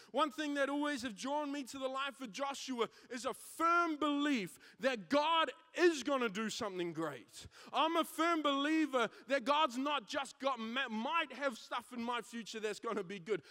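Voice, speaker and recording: A young man preaching a sermon, mixing scripture with a school story, energetic and emphatic with frequent restarts. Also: very high voice, moderate pace. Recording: long hall reverb.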